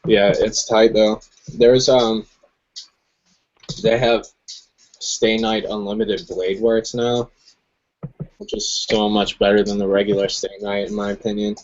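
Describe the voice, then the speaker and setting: A man's voice: on the low side, flat delivery, unhurried, long pauses, muffled recording. A man chatting casually on a livestream in a laid-back, drawling way, swearing now and then.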